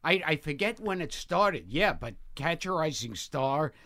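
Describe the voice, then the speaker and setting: A man in his fifties, a comedian being interviewed, speaking in a slow, deadpan, wry way in casual chat. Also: a little high. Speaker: comedian guest.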